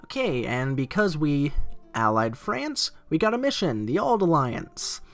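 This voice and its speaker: A man's voice: fairly high pitch, big pitch swings, unhurried, faint music behind. A man giving let's play commentary, chatting to himself and joking in asides while he plays. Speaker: gaming commentator.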